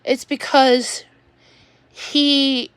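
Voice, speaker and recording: Woman streamer venting, high voice, rambling and halting, dry close sound. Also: flat delivery, a bit bright, no room sound. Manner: rambling, halting, repeats words while venting. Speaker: livestreamer. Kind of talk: emotional livestream venting.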